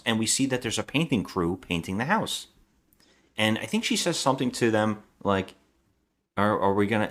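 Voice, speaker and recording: A man with a fairly low, fairly bright voice co-hosts a podcast. In a casual movie review chat about a horror film, he mimics its lines and laughs.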